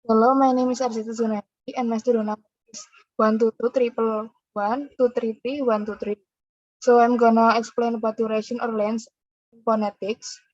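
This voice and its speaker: A woman student with an Indonesian accent reading a class presentation in a flat, steady voice. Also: on the high side, a little fast, dry recording. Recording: dry, dull lo-fi mic.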